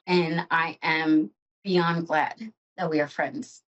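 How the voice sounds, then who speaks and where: A woman's voice: low-pitched, fairly even intonation, takes it slowly, dull audio. A woman hosting a psychic show, giving an emotional and chatty tarot reading.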